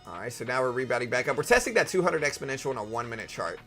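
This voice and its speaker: A man's voice: mid-range voice, big pitch swings, racing, sharp tone, faint music behind. A young man casually talking markets on a live trading stream, opinionated and chatty as he reads out chat messages.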